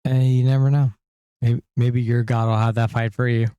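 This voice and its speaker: A man's voice: medium pitch, little pitch movement, normal speed, dark tone, clear, resonant tone, no room sound, lo-fi sound. A man co-hosting a casual podcast about tabletop roleplaying games, talking in an easygoing, rambling, joking way.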